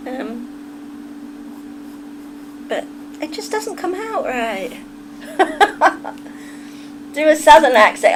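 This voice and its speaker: A woman's voice: sits high, animated, takes it slowly, long pauses, slight background noise, low-quality recording. Giggly English woman chatting with her stream. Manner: giggly and self-deprecating, laughs often. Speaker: livestreamer reading chat. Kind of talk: casual livestream chat.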